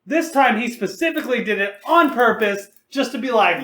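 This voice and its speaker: High-voiced young man telling rowdy stories. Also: expressive, normal speed, bright, forceful tone, echoey room. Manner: profane, loose and laughing. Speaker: podcast co-host. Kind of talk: casual storytelling.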